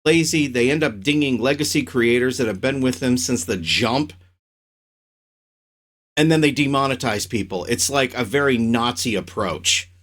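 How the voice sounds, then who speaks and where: A man's voice: mid-range voice, moderate pace. A man hosting his own show, chatting casually and reacting with strong opinions and rants. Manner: animated, opinionated, ranting. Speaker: host.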